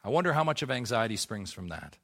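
A male pastor delivers a sermon in a bright, forceful voice. He speaks with passion and pushes his delivery to emphatic peaks. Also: mid-range voice, sing-song, quick pace. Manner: impassioned, building to emphatic peaks.

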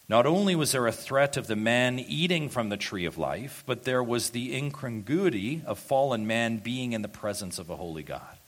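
A man preaching an expository sermon, reading scripture and swelling loud for emphasis before dropping low again. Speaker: pastor.

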